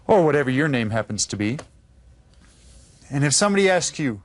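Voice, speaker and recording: A man teaching a children's language lesson, modeling phrases slowly and clearly for the class to repeat. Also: medium pitch, expressive. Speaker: Spanish teacher.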